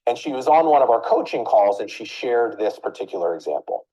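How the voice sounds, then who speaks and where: A woman business coach runs a training session in a mellow, warm voice. She tells a story with energy and keeps turning to her listeners with direct questions. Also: rumbling low, brisk, husky, highs cut off. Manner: animated, addresses listeners directly with rhetorical questions.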